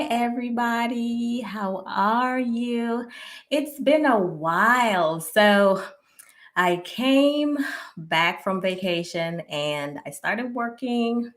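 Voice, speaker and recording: Slow-talking woman hosting a live chat. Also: a little high, a bit bright. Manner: chatty, laughs often, greets viewers by name. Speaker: host of a live relationship podcast. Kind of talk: casual live-stream chat with viewers.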